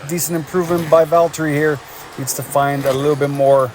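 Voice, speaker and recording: A man giving energetic play-by-play commentary on a race as the show's host, calling lap times and cheering the drivers on. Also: on the high side, brisk, crowd noise.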